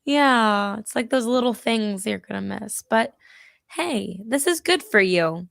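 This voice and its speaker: A woman co-hosting a casual call-in show, hoarse from losing her voice, chatty and reassuring. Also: on the high side, expressive, measured pace, no room sound. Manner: chatty, reassuring, laughs often. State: hoarse, recovering from lost voice. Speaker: co-host.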